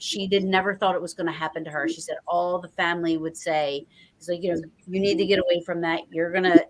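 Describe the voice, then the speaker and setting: A woman's voice: on the low side, poor audio. A woman hosting a paranormal talk show, chatting casually and rambling through a story with many fillers. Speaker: podcast host. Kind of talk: casual chat.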